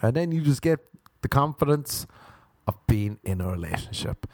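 Male comic, animated delivery with acted-out voices, dry mic. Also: medium pitch, moderate pace, vocal fry, dry recording. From Ireland. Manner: animated, acts out voices, laughs at own jokes. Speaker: stand-up comedian. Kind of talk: stand-up comedy routine.

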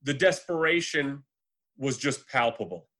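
A man's voice: mid-range voice, lively intonation, a little slow, bright, forceful tone. A man talking casually about films, rambling with many fillers, restarts and casual swearing. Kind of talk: casual chat.

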